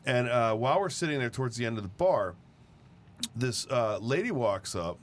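Animated male co-host telling a story. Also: mid-range voice, moderate pace. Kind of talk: casual storytelling.

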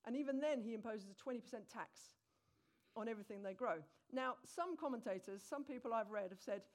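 Preaching to her congregation, a woman retells a Bible story with lively, chatty energy, often addressing the listeners directly. She talks fairly quickly in a voice on the high side.

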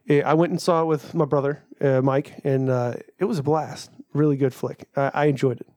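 A man's voice: on the high side, fairly even intonation, a little fast, warm tone, no echo, studio quality. A man co-hosting a casual podcast chat, rambling, cursing freely and laughing often. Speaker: podcast co-host.

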